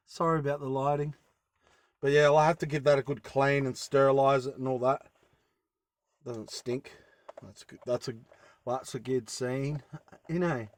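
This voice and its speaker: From inside his van, a man with a mid-range voice casually vlogs and shows off his gear, rambling enthusiastically with lots of fillers. The recording is dry.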